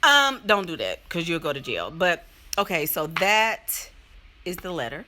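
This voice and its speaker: A woman's voice: fairly low pitch, big pitch swings, a little slow, pushed and bright. A young woman giving playful, sassy relationship advice in a casual vlog chat, laughing often, with features. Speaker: advice vlogger answering letters.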